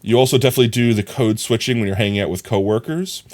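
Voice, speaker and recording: A man livestreaming, chatting casually with his viewers in an animated, filler-heavy way. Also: on the low side, quick pace.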